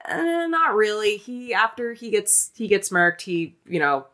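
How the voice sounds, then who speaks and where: A woman co-hosting a podcast, chatting casually about a film in an animated, rambling way full of restarts. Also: medium pitch, a little slow. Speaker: podcast co-host. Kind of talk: casual film-review chat.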